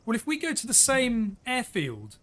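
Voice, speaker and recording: A man's voice: extremely high pitch, wildly swooping pitch, moderate pace, fairly bright tone. An English man hosting a live flight simulator stream, upbeat and chatty, laughing often and coaxing viewers into the chat.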